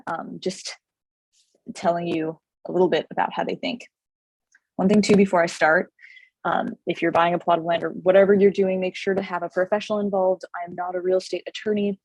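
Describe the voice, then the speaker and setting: Woman realtor, Californian accent, gravelly and a bit husky, lowish voice, dry close sound; rambling casual explainer. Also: darkish tone, no room sound, low-quality recording. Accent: Californian English. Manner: chatty, rambling with many fillers and restarts. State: slightly hoarse, losing her voice.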